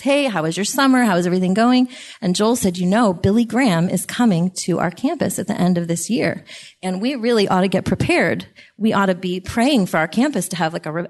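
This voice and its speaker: A middle-aged woman looks back on a personal story as a guest on a podcast. She speaks in a reflective, gently emotional way, with a pitch in the middle range for a woman. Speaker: podcast guest, host's wife.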